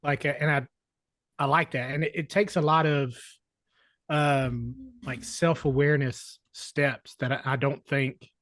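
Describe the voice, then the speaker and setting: A man's voice: medium pitch, fairly even intonation, a little slow, fairly bright tone, no room sound, clean studio sound. A man hosting a podcast, reacting in a casual and hesitant way with fillers and restarts. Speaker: podcast host. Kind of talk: casual chat.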